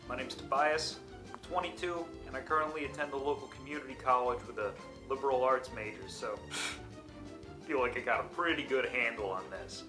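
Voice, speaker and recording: A man playing a laid-back, halting college guy. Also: mid-range voice, over music, close to an everyday voice. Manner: casual, halting, smugly legalistic. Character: laid-back 22-year-old male college student. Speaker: game show contestant.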